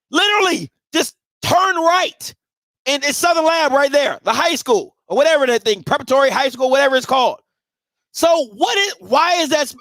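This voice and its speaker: A man hosting a live sports talk show, ranting in a casual and profane way, dropping to low mutters and then rising to shouts. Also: expressive, moderate pace, no room sound.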